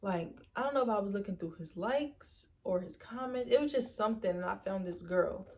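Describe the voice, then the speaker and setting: A young woman telling a storytime vlog in a chatty, animated way, acting out quoted lines and leaning on "like" and "literally". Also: medium pitch, brisk. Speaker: storytime vlogger. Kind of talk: casual storytime.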